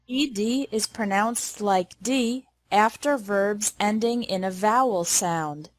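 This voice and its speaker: Woman teaching pronunciation, slow and careful, mid pitch. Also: no room sound. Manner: slow, deliberate model words. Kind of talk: pronunciation lesson.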